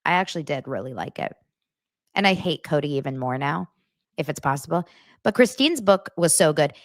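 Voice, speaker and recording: A woman's voice: deep voice, expressive, a little fast, no room sound, studio quality. A young adult woman hosting a celebrity gossip show, talking in a gushing, dramatic way with exaggerated reactions. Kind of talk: casual gossip commentary.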